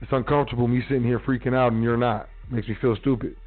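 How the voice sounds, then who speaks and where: A man's voice: medium pitch, fairly even intonation, fast talker. A man hosting a radio talk show, lecturing his listeners bluntly with street slang and profanity. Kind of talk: casual solo radio talk. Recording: phone-quality radio line with faint music.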